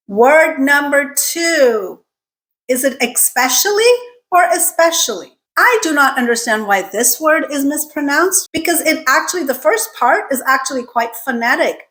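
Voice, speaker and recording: A woman teaching English pronunciation, emphatic and drawing out example words slowly to drill them. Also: fairly high pitch, a bit bright. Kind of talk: pronunciation lesson to camera.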